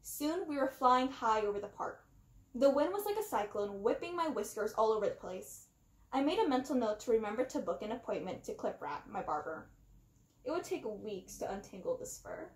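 A woman gives an animated storybook read-aloud, with a high voice that leaps all over. She acts out the first-person narrator as she goes. The recording has a roomy, echoing sound. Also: moderate pace. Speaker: storybook reader. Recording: roomy echo.

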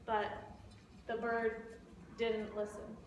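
A woman's voice: fairly high pitch, completely flat delivery, slow pace, distant mic, slight background noise. A woman teacher telling a simple story to language learners, repeating key words over and over. She recorded in an echoey room a little away from the mic. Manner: simple, repetitive retelling. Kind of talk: slow story-listening lesson.

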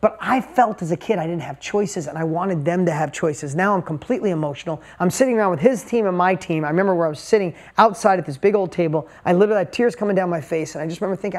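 A middle-aged motivational speaker with a high-sitting voice talks fast with few pauses. His talk is emotional and emphatic, telling a personal story and repeating words for punch.

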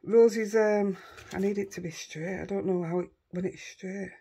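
A middle-aged craft vlogger with a Yorkshire accent chats casually while making crafts at home, rambling, thinking aloud, and poking fun at herself. Her voice is medium-pitched, mellow, and husky, with fairly even intonation at a moderate pace.

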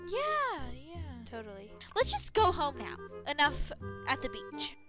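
A woman's voice: sits high, huge pitch swings, measured pace. A woman hosting a gaming channel, narrating a playful role-play in a bubbly, chatty way full of "like" and "literally". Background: background game music.

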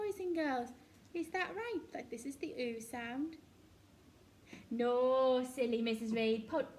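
Slow, high-voiced English woman teacher. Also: a little hiss or hum. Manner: slow, patient, sounding out letters, questions to children. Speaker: reception class teacher. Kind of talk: recorded phonics lesson for young children. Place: indoors at a table with a book page.

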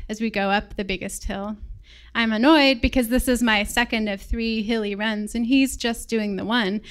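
A woman from England with an American accent, reading a personal story aloud on stage in a reflective, measured way. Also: on the high side, smooth.

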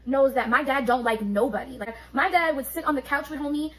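A woman, telling a story on her vlog in an animated, profane, streetwise way. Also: sits high, fairly quick, poor audio. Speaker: beauty vlogger.

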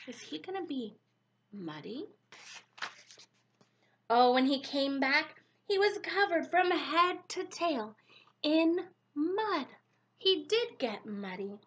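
A woman preschool teacher reading a picture book aloud at children's story time, in an animated, exclamatory way with gasps. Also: sits high, slow, pauses often, muffled recording.

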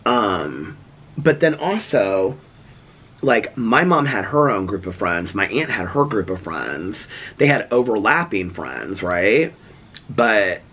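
A middle-aged man from the United States vlogging about personal loss, speaking haltingly with many fillers and close to tears. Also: fairly low pitch, bright, forceful tone, breathy edge. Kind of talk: emotional personal vlog talk.

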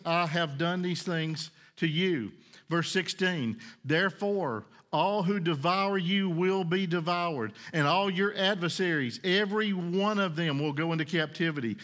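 Higher-pitched man preaching a sermon. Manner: reads scripture aloud, then explains it with emphatic paraphrase; drops low and soft to voice God's promises. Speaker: pastor.

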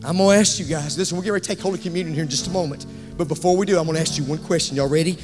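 A man, preaching as a pastor, swinging from hushed tones to shouting. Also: on the high side, rapid-fire, music in the background. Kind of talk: sermon. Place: church sanctuary. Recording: reverberant church hall.

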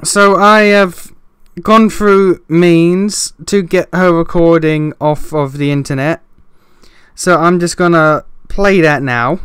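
A man's voice: a little high, a bit bright, clear, resonant tone, no room sound. A man commenting on a video game he is playing, frustrated and swearing, rambling with many restarts. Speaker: gaming video host. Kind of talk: let's play commentary.

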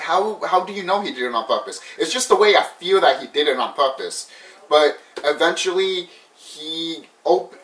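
Male vlogger, somewhat high voice, loose profane movie-review chatter, distant mic in a roomy space. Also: a bit bright. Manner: rambling, swears a lot, laughs often.

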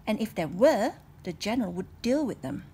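A woman's voice: medium pitch, sing-song, normal speed, warm tone, husky, full character voice. A woman voicing an older, blustering Admiral who speaks emphatically.

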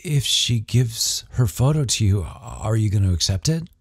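A man voicing a quiet, earnest teenage boy who asks curious questions. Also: fairly low pitch, expressive, normal speed, breathy edge, dry recording, studio quality.

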